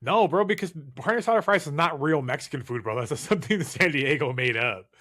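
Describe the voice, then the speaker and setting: A man's voice: a little high, lively intonation, brisk, sharp tone. A man co-hosting a casual podcast chat, ranting in a profane, emphatic way. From California. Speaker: podcast co-host.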